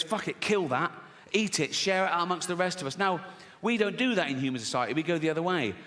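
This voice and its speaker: On a theater stage before an audience, a middle-aged stand-up comedian rants in mock outrage, full of profanity, his voice a little high and a bit bright. The live recording carries long hall reverb and background noise.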